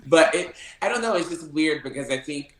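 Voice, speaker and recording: Animated, laughing man in an echoey room. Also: on the high side, moderate pace. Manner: animated, laughing often, acts out quoted lines. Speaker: podcast guest, drag performer. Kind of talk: casual storytelling interview.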